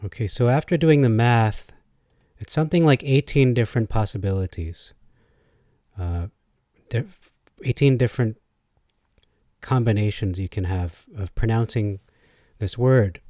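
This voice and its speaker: Guy talking thru a video explainer slow, kinda mellow, dry sound, lots of umms as he tests out sounds. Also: lowish voice, no echo. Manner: thinks aloud, hesitant, trying out pronunciations. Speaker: video creator explaining biblical pronunciation. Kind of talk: casual spoken explainer.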